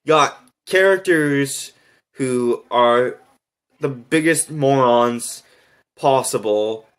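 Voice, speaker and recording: A man reviewing a movie in a profane, exasperated rant, his pitch sitting in an ordinary middle range. He talks slowly and drags his words out between outbursts of swearing. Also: clean tone.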